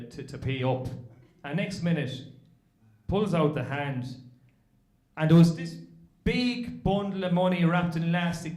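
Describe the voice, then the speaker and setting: Irish comedian, high voice, echoey room. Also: male voice, darkish tone. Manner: swearing, self-deprecating anecdotes. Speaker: stand-up comedian. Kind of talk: stand-up storytelling.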